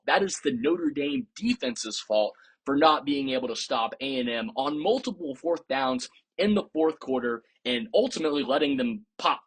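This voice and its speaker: A man's voice: medium pitch, a bit bright, husky. A man hosting a podcast, giving casual, opinionated sports commentary with a playfully sarcastic edge. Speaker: podcast host.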